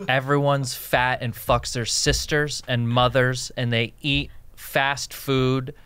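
A man's voice: medium pitch, flat delivery, slow pace, fairly bright tone. A man from Jordan co-hosting a casual podcast, joking and reading listener emails aloud. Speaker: podcast co-host.

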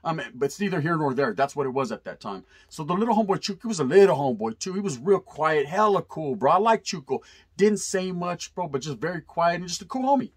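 A man's voice: on the high side, fast talker, slightly rough. A middle-aged man telling a story casually and with energy, swearing freely and using lots of street slang. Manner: animated, profane, heavy street slang. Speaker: storyteller vlogger.

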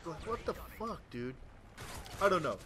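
A man's voice: fairly high pitch, very animated, normal speed, fairly bright tone. A tired man doing casual game commentary, rambling crudely and stammering through restarts. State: tired late at night. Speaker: gameplay commentator.

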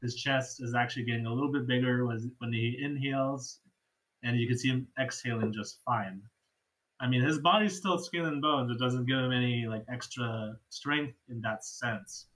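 A man's voice: mid-range voice, fairly bright tone, low-quality recording. Young man narrating as game master. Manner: loose, halting narration with frequent restarts.

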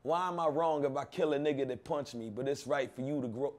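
A man's voice: mid-range voice, fairly quick, darkish tone. A man being interviewed, telling stories in a blunt, profane, streetwise way. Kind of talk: casual interview talk.

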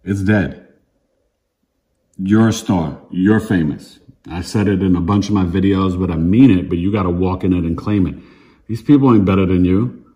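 Deep-voiced emphatic man in his fifties. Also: moderate pace, mellow. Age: 50s. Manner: emphatic, repetitive, street slang. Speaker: astrologer. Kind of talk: casual direct-to-camera monologue.

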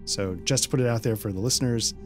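A man's voice: mid-range voice, fast, faint music behind. A man narrating as game master of a horror role-playing game, casual and explaining with many fillers.

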